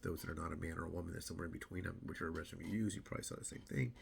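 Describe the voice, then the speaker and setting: A man's voice: sits low, level tone, racing, vocal fry. A middle-aged man rambling casually to camera about his weight loss, repeating words and acting out what other people say.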